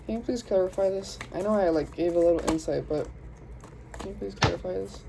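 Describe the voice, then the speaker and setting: This young Southern woman's voice is lowish, gravelly, and a little fast, set against background noise. Doing a tarot reading, she chats casually with spirit and her audience, using slang and cutting herself off mid-thought.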